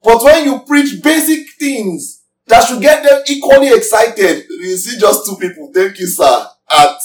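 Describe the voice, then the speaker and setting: A man's voice: very high voice, animated, unhurried, far from the mic. A man preaching a sermon emphatically, asking his congregation questions as he teaches. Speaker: pastor. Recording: echoey room, voice from off mic.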